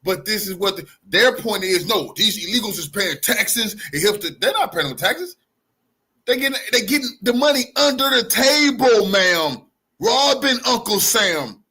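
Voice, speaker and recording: A man co-hosting a live stream, delivering loud, profane, heated commentary straight at the viewers. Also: sits high, expressive, moderate pace, breathy edge. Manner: loud profane ranting, addresses viewers directly. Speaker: co-host.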